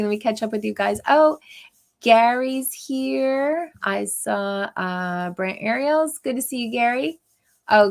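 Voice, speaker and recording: A woman's voice: medium pitch, creaky. A woman hosting a live stream, chatting casually with viewers and laughing often. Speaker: livestream host. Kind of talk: casual live chat reading viewer comments.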